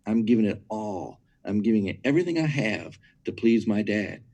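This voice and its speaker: A man's voice: lowish voice, expressive, moderate pace, darkish tone, lo-fi sound. A man speaking as an interview guest, teaching about churches in an emphatic, conversational way. He often repeats words as he builds a point and checks in with rhetorical questions. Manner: asks listeners rhetorical questions.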